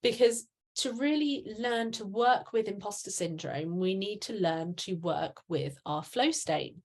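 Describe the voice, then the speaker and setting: Woman in middle age, lowish voice, chatty webinar presenter who explains and restarts as she goes. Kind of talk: webinar talk.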